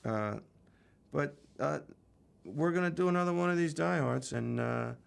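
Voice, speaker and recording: A middle-aged man, a guest actor in a casual radio interview, answering slowly with many pauses and uhs. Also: a little high. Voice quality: gravelly. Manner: slow, halting, drawn-out answers full of uhs.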